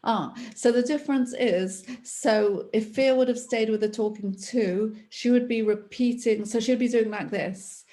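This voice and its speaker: A woman leading a therapy training session, explaining in a slow, repetitive, patient way. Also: on the high side, mellow.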